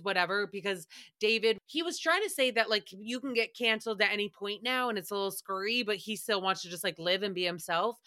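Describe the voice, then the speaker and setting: A woman's voice: medium pitch, sharp tone. A young woman hosting a podcast recap, talking in a rambling, profane, exasperated way. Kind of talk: casual solo recap chat.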